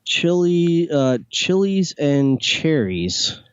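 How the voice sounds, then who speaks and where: Slow-talking man on a dull lo-fi recording. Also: fairly high pitch, big pitch swings, clean tone. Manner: short reactions, drawn out. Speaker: podcast co-host. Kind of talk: casual chat. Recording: dull lo-fi sound.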